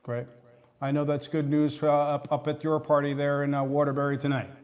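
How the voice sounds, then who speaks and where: A man's voice: fairly high pitch, completely flat delivery, a little fast, darkish tone, smooth. Chatty man hosting local election coverage. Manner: chatty, stumbling restarts, tells anecdotes with laughter. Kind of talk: live studio broadcast chat. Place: local TV studio.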